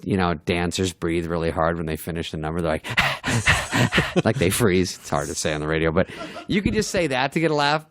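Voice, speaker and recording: A man's voice: low-pitched, animated, fast talker, hardly any pauses. A middle-aged man telling comic stories on a podcast, swearing and mimicking people as he laughs along. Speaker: podcast guest, comedian. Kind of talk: casual storytelling chat.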